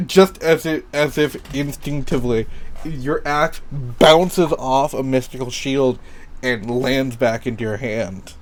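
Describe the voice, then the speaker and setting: A man's voice: medium pitch, takes it slowly. A man running a tabletop game, taking his time over each line. He talks casually, laughing and cursing freely. A faint hum of room ambience sits behind him. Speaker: game master.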